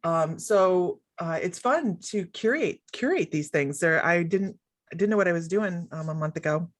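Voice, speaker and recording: A middle-aged woman with a somewhat low voice, talking in a bubbly, rambling way. She drifts off on sidetracks and laughs easily. It is a relaxed, casual conversation. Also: moderate pace, dry recording. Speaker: guest, psychic medium. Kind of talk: casual chat.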